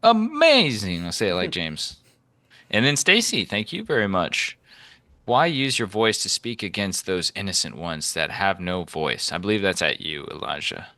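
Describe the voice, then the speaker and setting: A man's voice: low-pitched, lively intonation, moderate pace, bright, forceful tone, dry recording. A man moderating a live-streamed debate, reading out donations and joking with the guests in a teasing, casual way.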